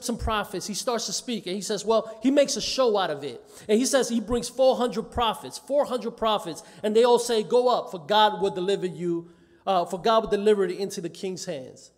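A church elder delivers a sermon in a strikingly high voice, driving points home by repeating his phrases. He lends quoted speakers their own voices as he goes. The sound carries the long reverb of a church sanctuary on a live stream.

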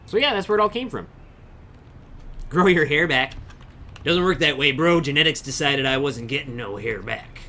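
A man's voice: on the high side, animated, normal speed, long pauses, pushed and bright, slight background noise. A young man chatting casually with viewers on a game livestream, swearing freely and answering chat. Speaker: game streamer. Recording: faint music behind the voice.

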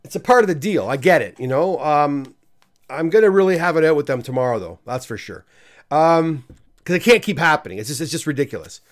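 A man's voice: a little high, expressive, fairly quick. A man hosting a live comic unboxing stream, venting in an exasperated, repetitive rant and then greeting viewers in the chat. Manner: exasperated, ranting, repeats himself when worked up.

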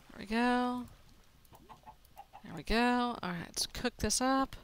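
A woman's voice: on the high side, takes it slowly, pauses often, slight background noise. Chatty woman narrating her gameplay. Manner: chatty, self-narrating, laughs at mistakes. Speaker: let's play gamer. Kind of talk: casual game commentary.

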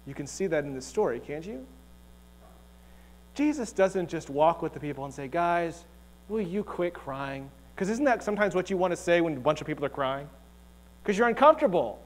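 A man's voice: on the high side, very animated, fairly quick. A male pastor preaching a conversational sermon in a church, joking and asking the congregation rhetorical questions. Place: church sanctuary.

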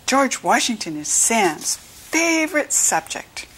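Slow and breathy, with a sing-song lilt, an American woman narrates a children's storybook. She reads clearly in a teaching manner and lifts her pitch when the children speak.

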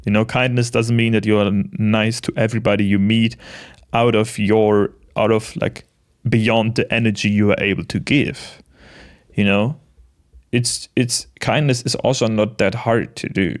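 A man in his late twenties talking to the camera in a casual, reflective monologue, gentle and halting, with many restarts and soft laughs. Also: lowish voice, fairly even intonation. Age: late 20s. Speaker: vlogger.

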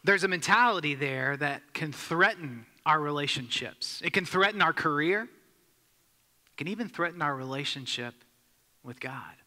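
A man with a fairly high, very bright voice preaches to his church and tells a story in an easy, conversational way. He asks the congregation questions as he goes. The sound carries a long reverb from the hall. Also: lively intonation, a little slow. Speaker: pastor. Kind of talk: sermon. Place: church sanctuary.

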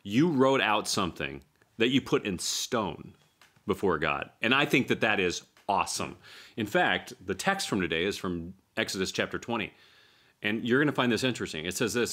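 A man in his forties hosting a faith-based men's talk show, animated and preachy, his voice climbing when he gets fired up. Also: fairly low pitch, normal speed. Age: 40s. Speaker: host.

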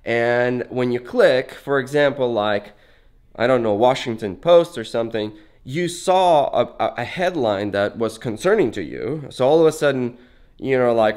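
Male vlogger, mid-pitched, earnest, meandering delivery, talking on the move. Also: expressive, moderate pace, darkish tone, smooth. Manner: rambling, earnest, conversational; talking while walking around. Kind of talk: casual reflective monologue.

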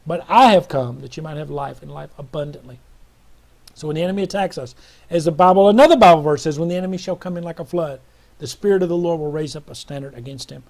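A man's voice: a little high, fast talker, creaky, darkish tone. A middle-aged man preaching a sermon with fervent hallelujahs and praise, sometimes breaking into song.

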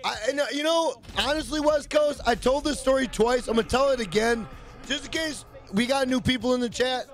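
Man, very high voice, rambling, profane, casual stream chat, faint background music. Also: fairly quick. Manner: rambling, profane, jokey, reads chat aloud. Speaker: gaming streamer.

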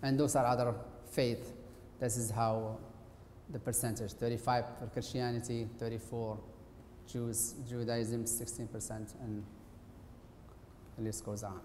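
A man's voice: mid-range voice, little pitch movement, a little slow, warm tone. Man lecturing in an echoey hall. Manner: conversational and hesitant. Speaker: guest lecturer, occupational therapist. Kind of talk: presentation lecture. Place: university auditorium. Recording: echoey hall with faint hiss.

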